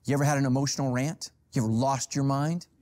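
A middle-aged male pastor preaching a sermon, telling stories with humor and sudden jumps in pitch. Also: fairly even intonation, fast, darkish tone. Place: church stage with a golf cart prop.

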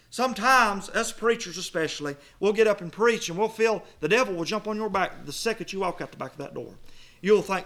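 A middle-aged preacher with a high, bright voice delivers a sermon. He swells into loud stressed phrases, then drops to a low murmur, and he reads old scripture wording slowly and weightily. His voice has a clear, bright edge. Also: expressive.

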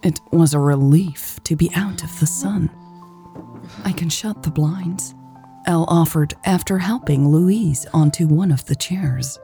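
A woman narrating a romance audiobook in a calm, intimate, unhurried way. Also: on the low side, vocal fry.

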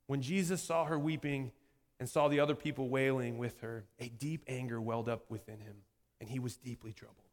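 A man in his thirties preaching a sermon as pastor, shifting from lively delivery to quiet, intense passages. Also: mid-range voice, brisk. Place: church sanctuary. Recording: long hall reverb.

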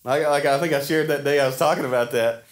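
A man's voice: fairly high pitch, fairly even intonation, fast talker. A man, preaching a sermon to his church in a folksy, conversational way with frequent restarts. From Arkansas. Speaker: pastor. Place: church sanctuary.

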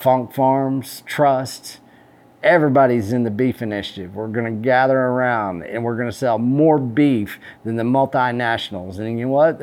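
A man with a drawl hosts a podcast, speaking at a moderate, everyday pitch. He rallies his listeners, addressing them directly with emphatic push. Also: a little mellow. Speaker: podcast host. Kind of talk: podcast monologue.

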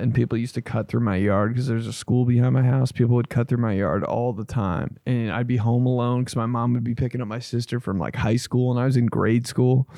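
A young man, telling a comic story on a podcast in an animated, swearing rant. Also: medium pitch, dry recording, clean studio sound. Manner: animated storytelling, swears a lot, bursts into yelled impressions. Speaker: podcast host. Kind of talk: casual comedic podcast rant.

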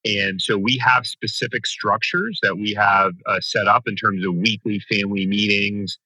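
A man with a lower voice speaks as a franchise coach in a podcast interview. His delivery is energetic and emphatic, with a sharp, forceful edge and a dry, close sound. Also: moderate pace, no echo, low-quality recording.

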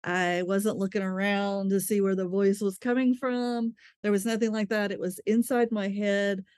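Expressive woman telling her story. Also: mid-range voice, moderate pace, no room sound, clean studio sound. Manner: expressive, laughs often, trails off and restarts. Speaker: interview guest. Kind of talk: candid conversational storytelling.

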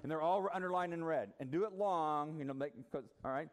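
A man preaching a sermon into a microphone, conversational and animated, with asides to the congregation. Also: a little high, brisk, hardly any pauses. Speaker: pastor.

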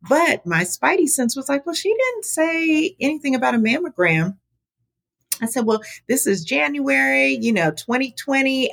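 A middle-aged woman, a podcast guest, telling a personal story in casual chat, animated, her voice jumping high when she quotes her own reactions. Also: creaky. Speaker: podcast guest, small business advocate.

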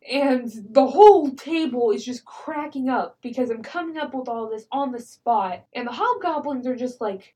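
A woman tells tabletop game stories in a casual podcast chat, animated and quick to laugh. Her voice sits a bit high, and she keeps slipping into character voices mid-story. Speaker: podcast guest.

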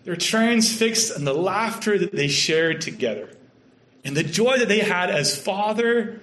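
High-voiced Canadian pastor preaching. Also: male voice, animated, a little slow. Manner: storytelling, earnest, sometimes dropping to a soft hush. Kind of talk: sermon. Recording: echoey room.

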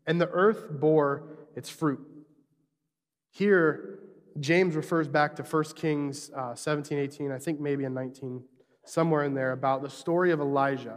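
A man preaching a sermon, retelling a scripture story in a lively storytelling manner. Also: fairly high pitch, in a large hall. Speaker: pastor.

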